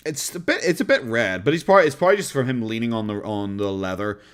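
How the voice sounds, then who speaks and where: A man's voice: medium pitch, expressive, fast, a bit bright, clean tone. A man with an Irish accent chatting casually on a reaction stream, in an easygoing, rambling way.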